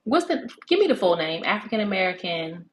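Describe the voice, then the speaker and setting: A woman's voice: medium pitch, big pitch swings, fairly quick, rough recording. A woman giving a casual, chatty cooking demonstration, telling family stories with lots of fillers and restarts. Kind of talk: casual storytelling cooking demo.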